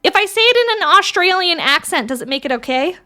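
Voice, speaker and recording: Bright high-voiced woman streamer. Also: very animated, fairly quick. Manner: crude, giggly, banters with chat. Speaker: VTuber streamer. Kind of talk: casual livestream chat.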